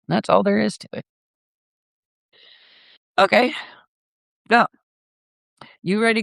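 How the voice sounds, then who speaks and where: A man's voice: a little high, a bit bright, dry recording, studio quality. Rambling older man on a live chat. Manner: rambling, laughs often, many fillers. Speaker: live stream host.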